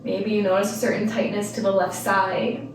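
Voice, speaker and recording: A woman leads a yoga practice, her steady cues for breath and movement mixed with casual, friendly tangents. Her voice sits in a mid register and rings in a very echoey room. The mic is a few steps away, with a faint hum of ambience behind her. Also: mid-range voice, normal speed, recorded from a distance. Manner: calm cueing with casual rambling asides. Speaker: yoga instructor. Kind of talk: guided yoga class.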